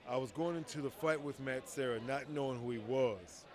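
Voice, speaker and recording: A man telling stories in a casual interview, acting out quoted dialogue with lively voices and frequent swearing. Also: mid-range voice, brisk, a crowd in the background. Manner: animated, acts out quoted dialogue, swears freely. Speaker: retired fighter telling stories. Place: outdoors at a convention.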